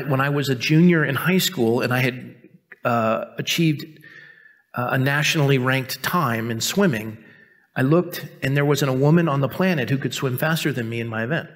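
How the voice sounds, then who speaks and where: A man preaching a sermon as pastor, mixing jokes at his own expense with earnest teaching, and dropping to a quiet, intense tone for stern points. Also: medium pitch, animated, moderate pace. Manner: joking, self-mocking asides between earnest teaching. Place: church sanctuary. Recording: long reverb of a church hall.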